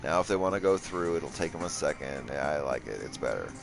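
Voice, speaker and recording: Low, gravelly sarcastic man streaming. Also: animated, a little fast, over music. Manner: sarcastic, joking, talks to chat. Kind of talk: live-stream gameplay commentary.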